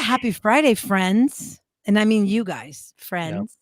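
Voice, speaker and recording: A woman radio host in casual on-air chat, expressive and quick to laugh. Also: medium pitch, no room sound, studio quality. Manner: expressive, laughs often, puts on voices in anecdotes.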